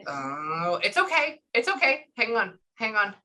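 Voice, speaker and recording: Woman, bright clear voice, medium session, casual and chatty, quick bursts. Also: medium pitch, very animated, poor audio. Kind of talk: casual reading session with clients.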